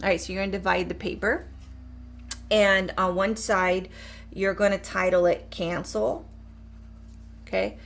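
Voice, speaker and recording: A middle-aged woman coach who speaks straight to her viewers with upbeat encouragement and leads a short eyes-closed exercise in a softer voice. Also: medium pitch, flat delivery, unhurried, gravelly, long pauses. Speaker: mindset coach. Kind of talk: live coaching demonstration.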